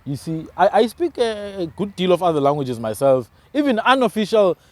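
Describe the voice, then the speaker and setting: A high-pitched South African man talks with real force, punching his points home and tagging "man" onto his phrases. The sound is dry and close, with no room echo. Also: fairly quick. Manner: emphatic, animated, ends phrases with "man". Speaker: podcast host. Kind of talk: casual discussion.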